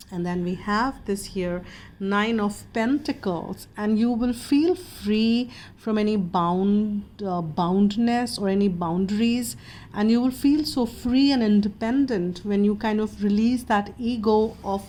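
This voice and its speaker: Gentle woman giving a tarot reading. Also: medium pitch, measured pace. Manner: calm, meandering, gentle reassurance. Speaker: tarot reader.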